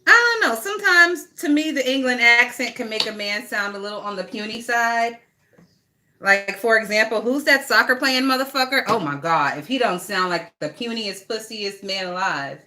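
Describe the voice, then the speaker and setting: A woman's voice: fairly high pitch, lively intonation, normal speed, bright, forceful tone. A woman chatting casually and gossiping bluntly, with a lot of swearing, while she works on a craft project. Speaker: vlogger.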